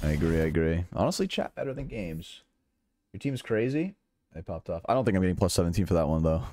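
A man's voice: low-pitched, big pitch swings, fast talker, noisy background. A young man streaming live, casually chatting and answering viewers' chat questions while swearing freely.

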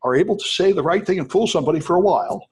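A man lecturing a college class at a rapid clip, words tumbling out one after another. His voice has a husky, slightly rough edge, and he keeps the talk loose and animated. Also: high-pitched. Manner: animated, talks fast to students with asides. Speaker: college instructor.

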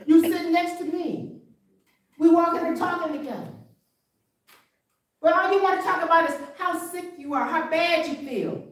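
Woman preacher, high voice, lots of why-don't-you questions, big echo, sounds far from the mic. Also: normal speed, long pauses. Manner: conversational preaching with rhetorical questions. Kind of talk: sermon. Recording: very echoey room, voice from afar.

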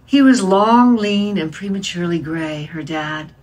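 A woman reading a literary novel aloud in a measured storytelling manner. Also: fairly low pitch, animated, a little mellow, far from the mic, rough recording. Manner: measured storytelling, voicing characters' lines. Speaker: reader.

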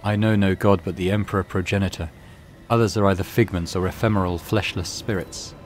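A man voicing a serene, creepy mutant cult priest in a video game, with a low murmuring delivery. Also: fairly even intonation, brisk, slight background noise, natural voice. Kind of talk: reading game dialogue aloud.

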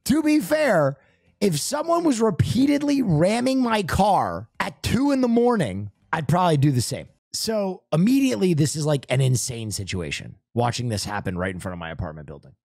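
A male streamer telling a story in casual chat, animated and profane, acting out sounds. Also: a little high, moderate pace, creaky, dry recording, studio quality.

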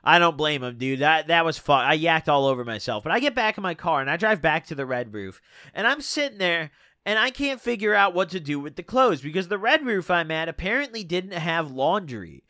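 A man with a high, bright voice spins a rambling storytime tale, swearing freely and calling the listener "bro." The sound is dry and close, with no room around it. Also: big pitch swings, a little fast, dry recording. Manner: casual and profane, full of "bro" and "dude". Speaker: vlogger. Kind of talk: storytime vlog.

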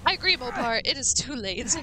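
A woman's voice: on the high side, animated, unhurried, bright, forceful tone, a little hiss or hum, poor audio. A woman streaming a horror game live, chatting playfully with her viewers and sounding jittery. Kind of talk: live gameplay commentary.

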